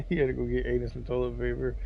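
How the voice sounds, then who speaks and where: A man's voice: medium pitch, steady tone, fast, creaky, a little hiss or hum. Man streaming a game, dull lo-fi sound. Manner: talks gently to his child off-mic. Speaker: gaming streamer. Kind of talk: casual gameplay commentary.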